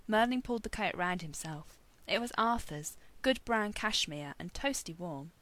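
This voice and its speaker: A woman reading a story aloud as narrator, expressive and wry. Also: mid-range voice, moderate pace, hardly any pauses.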